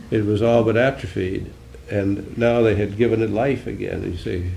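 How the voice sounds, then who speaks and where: Older male politician, low gravelly voice, wry and rambling, speaking in an echoey hall. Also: measured pace, dark tone, slight background noise. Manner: dry, wry humor, musing and digressive. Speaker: senator answering audience questions. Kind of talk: political talk with audience Q&A.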